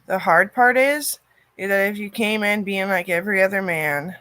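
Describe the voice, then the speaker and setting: A woman in a rambling personal monologue, cursing often, her loudness swinging from loud outbursts to near-murmurs. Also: mid-range voice, moderate pace.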